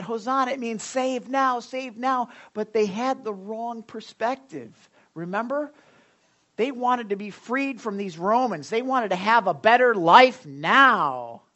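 Church pastor preaching, chatty and stumbly, keeps asking the room questions, mid pitch. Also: a bit bright. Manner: chatty, stumbles and repeats words, asks the congregation questions. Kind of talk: conversational sermon. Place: church service.

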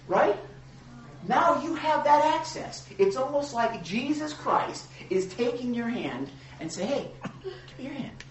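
With a high voice caught in a muffled, echo-heavy recording with slight background noise, a pastor gives an easygoing sermon, circling back, restarting and throwing in asides and a rhetorical "right?". The distant mic sounds placed at the back of a big hall.

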